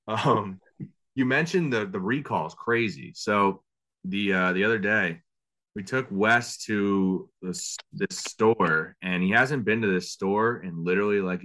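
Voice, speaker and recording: A man's voice: low-pitched, sharp tone. A man in his thirties, co-hosting a casual podcast chat, rambling easily with frequent fillers. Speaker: podcast co-host.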